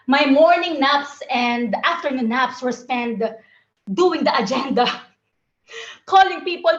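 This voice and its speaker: A woman's voice: sits high, animated, unhurried, echoey room, highs cut off. A woman from the Philippines giving a playful, theatrical tall-tale speech over a video call. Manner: playful, theatrical, acts out phone calls. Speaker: contest speaker.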